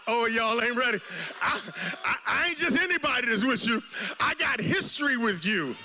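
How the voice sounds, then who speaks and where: Over soft background music, a male pastor preaches fervently and expressively at a normal speed. He moves between loud shouting and subdued low tones, echoing phrases in a steady rhythm.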